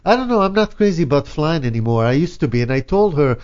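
A man's voice: fairly high pitch, sing-song, quick pace, darkish tone, lo-fi sound. A man hosting a casual interview, agreeable and rambling with fillers. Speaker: host.

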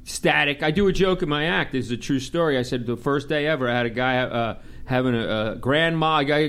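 Animated New York man telling stories. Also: fairly high pitch, brisk, hardly any pauses, smooth. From Long Island, New York. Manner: animated, profane, mimics others in quoted dialogue. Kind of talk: casual storytelling.

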